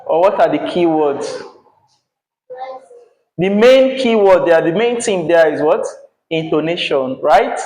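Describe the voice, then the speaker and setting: Brief: Nigerian English male teacher, slow and patient, higher pitch, echoey classroom. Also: animated, a little mellow. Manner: slow, patient, repeats key words. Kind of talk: classroom lesson.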